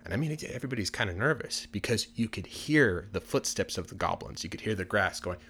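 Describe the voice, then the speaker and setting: A man casually telling a folk tale for English learners in a relaxed, chatty way with many fillers. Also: fairly low pitch, fast, creaky, a little hiss or hum. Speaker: storyteller.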